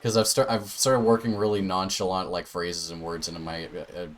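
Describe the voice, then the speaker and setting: A man's voice: deep voice, level tone, brisk, slight background noise. A young man streaming a game, chatting casually, swearing and laughing at his own stories. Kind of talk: casual chat while playing.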